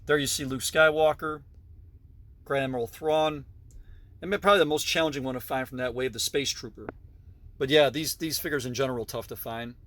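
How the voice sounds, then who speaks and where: A man's voice: mid-range voice, fairly even intonation, a little fast, fairly bright tone. A middle-aged man casually narrating a tour of his collection in a basement, with frequent fillers and self-corrections. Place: basement room.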